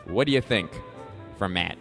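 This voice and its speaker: A man guesting on a comedy podcast, reading a listener email and joking with quick, easy laughs. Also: low-pitched, animated, fairly bright tone, faint music behind. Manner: joking, laughs easily, quick back-and-forth. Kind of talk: reading a listener email, then casual banter.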